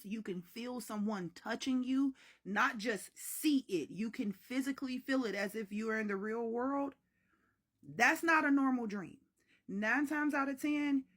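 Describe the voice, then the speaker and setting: A woman from the Chicago area telling a dramatic story in a casual storytime vlog, animated and swearing freely. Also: mid-range voice, husky. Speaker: storyteller vlogger.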